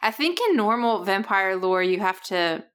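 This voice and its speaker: A woman's voice: medium pitch, expressive, moderate pace, a bit bright, smooth. A woman co-hosts a casual podcast chat in a mid-range voice. She chimes in with short, amused reactions and laughs often. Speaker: podcast co-host.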